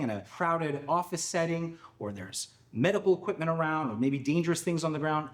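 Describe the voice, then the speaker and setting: Speaking a little high, a man gives a calm, step-by-step self-defense demonstration lesson. He often checks in with his listeners by asking "okay?"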